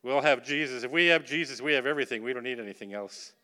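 A man preaching a sermon, telling a story with animated emphasis and putting questions to the congregation. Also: mid-range voice, fast. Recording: long hall reverb.

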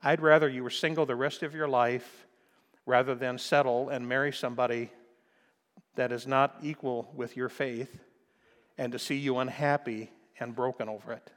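A man's voice: mid-range voice, steady tone, normal speed, long reverb tail. An older man, a pastor, preaching a sermon with folksy storytelling and sudden emphatic bursts. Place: church sanctuary.

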